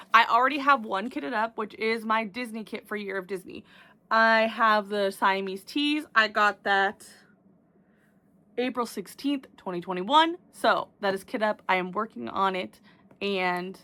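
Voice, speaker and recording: A woman's voice: medium pitch, sharp tone. A young woman chatting casually to camera about her crafting goals, rambling with restarts and fillers. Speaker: diamond painting vlogger.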